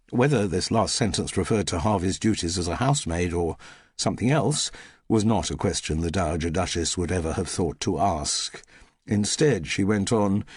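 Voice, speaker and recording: Male audiobook narrator, husky and dry, wry measured delivery with a lively pitch. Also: no echo. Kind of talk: scripted narration.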